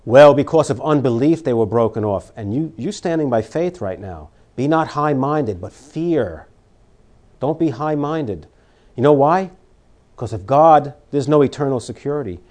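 A man preaching a sermon, reading scripture aloud and swinging between loud emphatic declarations and quiet warnings. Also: medium pitch, animated, moderate pace.

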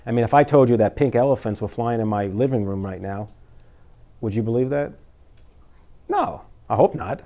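A man's voice: mid-range voice, normal speed, long pauses, highs cut off. A man preaching an informal sermon to his congregation, conversational and full of rhetorical questions, at times laughing at his own jokes.

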